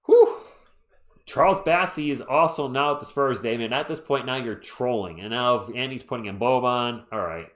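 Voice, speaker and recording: A man's voice: mid-range voice, normal speed, hardly any pauses, a bit bright. Sleepy man, live play-by-play stream, laid-back, chatty, yawning. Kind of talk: casual live sports commentary with chat shout-outs.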